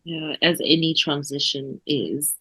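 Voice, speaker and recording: Host, woman, South African accent, bright tone, giggly, short friendly prompts. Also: sits low, steady tone, unhurried, breathy edge, low-quality recording. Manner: giggly, brief responses. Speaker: interview host. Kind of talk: casual interview talk.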